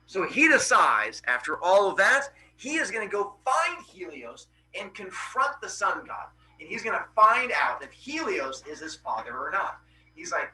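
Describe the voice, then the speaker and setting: A male teacher tells a Greek myth to his class in a loose, joking, slangy way. His voice is high and animated, with lots of lift and fall. Its tone is bright and sharp. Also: moderate pace, slight background noise, low-quality recording. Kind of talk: casual myth storytelling in class.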